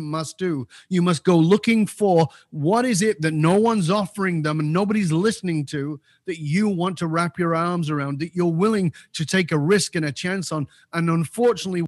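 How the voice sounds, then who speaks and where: Male interview guest, emphatic commentary style, a touch high-pitched, dry close sound. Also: dry recording. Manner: emphatic, repeats key points for force. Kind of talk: opinionated commentary.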